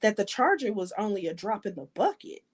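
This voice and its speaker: A woman host speaks in an even, mid-range voice. She encourages her guest with emphatic, faith-based conviction and thanks viewers for tuning in. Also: medium pitch, fairly quick, husky. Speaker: talk show host. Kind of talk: conversational interview.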